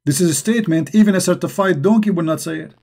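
A man's voice: high voice, fast, darkish tone. A man hosting a live online discussion, speaking in a mocking, emphatic and repetitive way, with non-native English grammar. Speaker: online debate host.

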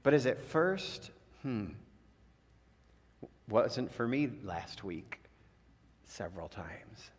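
Pastor preaching in a reverberant sanctuary. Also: male voice, big pitch swings, extremely slow, pauses often, breathy edge. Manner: emphatic preaching, rising on key phrases and dropping low to close thoughts. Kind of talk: sermon. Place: church sanctuary. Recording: long church reverb.

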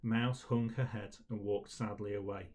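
A man's voice: lowish voice, fairly even intonation, unhurried, darkish tone. A man leading a school assembly, reading a children's story aloud and encouraging the children afterwards.

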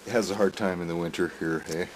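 An older Canadian man venting in an angry rant to camera, swearing heavily, yelling and repeating himself. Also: deep voice, steady tone, quick pace, background noise. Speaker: vlogger.

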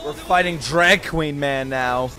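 A man reacting to an anime episode, talking back at the screen in excited bursts, joking, swearing and laughing. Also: on the high side, slow pace. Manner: excitable, shouting outbursts and swearing; jokey running commentary, laughs often. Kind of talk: live reaction commentary.

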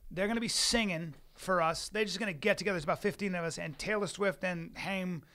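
A man's voice: sits high, a little fast, pushed and bright. A man in his forties, a comedian co-hosting a podcast, telling a rambling, profane story in casual chat. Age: 40s. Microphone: studio mic.

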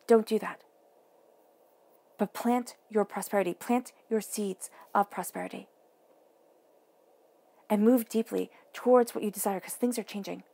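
Woman tarot reader, raspy with a gravelly edge, emphatic and encouraging, slips into near-whispers. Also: medium pitch, warm tone. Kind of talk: tarot reading monologue.

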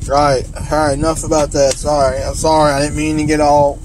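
A man, talking in a halting, emotional, tearful way in a confessional vlog, full of restarts and apologies. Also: fairly high pitch, flat delivery. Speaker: vlogger in recovery. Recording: outdoor recording with loud traffic noise.

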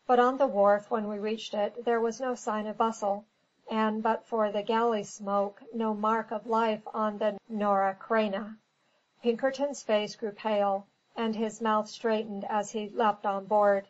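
A woman's voice: mid-range voice, level tone, measured pace, muffled recording. Woman narrating an audiobook. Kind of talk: scripted narration.

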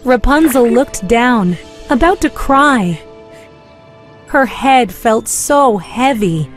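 A woman narrating a children's storybook in a slow, clear, expressive way. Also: a little high, soft background music.

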